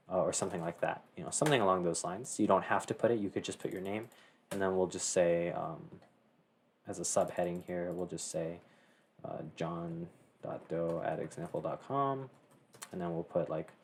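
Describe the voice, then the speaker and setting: A man's voice: deep voice, steady tone, a little fast, a little hiss or hum. A teenage boy casually talking through a screen-share tutorial, rambling with many fillers and self-corrections. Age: teens. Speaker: tutorial host.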